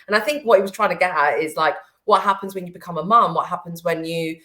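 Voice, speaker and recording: A woman's voice: on the low side, quick pace, hardly any pauses, sharp tone. A woman speaking as a podcast guest, tearful and hesitant, with many "um" and "you know" fillers. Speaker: guest, business owner. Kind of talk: casual conversation.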